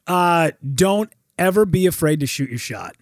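A man with a high voice who spins his stories with energy and acts out every quote. He swears freely and the sound is dry and close. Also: animated, moderate pace, no room sound. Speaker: guest. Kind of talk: casual podcast chat.

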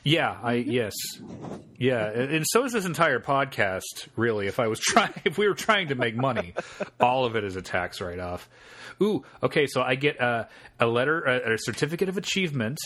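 Man, podcast co-host, casual chat, reads out text, deadpan jokes, medium voice. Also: mid-range voice, moderate pace. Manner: reads aloud with amused, deadpan asides and laughs.

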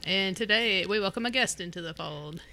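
A woman's voice: mid-range voice, fairly quick, sharp tone, no echo. A woman hosting a podcast in a studio, bubbly and playful in casual chat. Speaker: podcast host.

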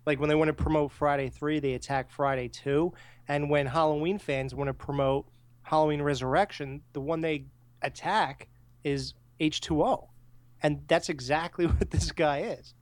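A man co-hosting a podcast, telling stories in a casual, animated way and swearing freely. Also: a little high, normal speed, no echo. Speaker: podcast co-host. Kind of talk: casual profane chat.

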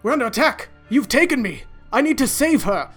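A man's voice: extremely high pitch, sing-song, brisk, a bit bright, husky, soft background music, pitched above the performer's own voice, heavily acted. A man voicing a frantic old dwarf. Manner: panicked, pleading cries. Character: old confused male dwarf, frantic and fearful.

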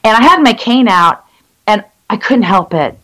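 A middle-aged woman, a guest in a conversation, telling stories in an animated, rambling way with many restarts. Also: mid-range voice, moderate pace, low-quality recording. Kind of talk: conversational storytelling.

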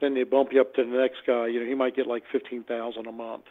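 He's a fast talker with a medium pitch that hardly moves, chatting casually on a radio phone-in. The tinny line carries his rambling scam-call stories, in which he voices both sides and keeps repeating his words.

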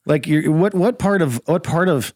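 A man's voice: fairly high pitch, moderate pace, no echo. A man guest-hosting a casual talk show, telling a long story and acting out the voices of the people in it. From rural Minnesota. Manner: animated storyteller acting out quotes. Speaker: guest host.

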